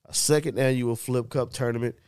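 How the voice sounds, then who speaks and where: A man co-hosting a beer podcast, talking in relaxed, blunt casual chat and plugging events. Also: mid-range voice, a little fast, a little hiss or hum. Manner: relaxed, blunt, promo-style wrap-up. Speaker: podcast co-host.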